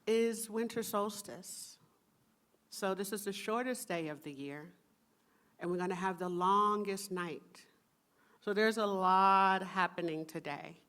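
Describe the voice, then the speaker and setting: A woman minister giving a sermon to a church congregation, soft and meditative, with playful asides. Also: lowish voice, a little slow.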